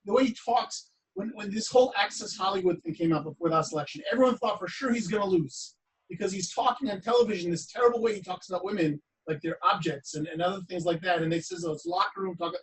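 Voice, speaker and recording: Fast, high-voiced arguing male caller. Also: breathy edge, rough recording. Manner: argumentative, fills with "like". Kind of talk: call-in debate.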